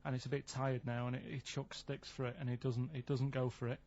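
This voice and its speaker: Man, radio regular, mid-pitched, plain deadpan rambling, dull lo-fi broadcast sound. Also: fairly quick. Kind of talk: casual radio chat, storytelling. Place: radio studio.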